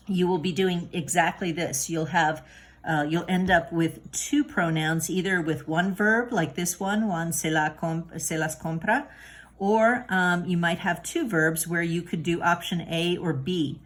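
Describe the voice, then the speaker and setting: Patient woman teaching a grammar lesson. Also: fairly low pitch. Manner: patient and encouraging, with many fillers and restarts. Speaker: Spanish teacher. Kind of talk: recorded remote lesson explaining grammar.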